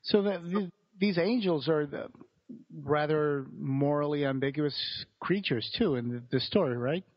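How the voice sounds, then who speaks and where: A man with a slightly higher voice muses on a podcast, hesitant and trailing off as he thinks aloud. His audio sounds a little dull and lo-fi. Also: a little slow. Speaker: podcast co-host. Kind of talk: casual chat about books.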